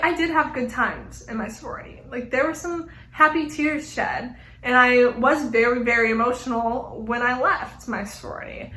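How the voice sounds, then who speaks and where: A young woman with a high, bright voice chats frankly to her camera, rambling and peppering her talk with fillers. The small room gives her voice a noticeable echo. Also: moderate pace, a little hiss or hum. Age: young adult. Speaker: vlogger. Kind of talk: casual chat to camera. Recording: echoey room.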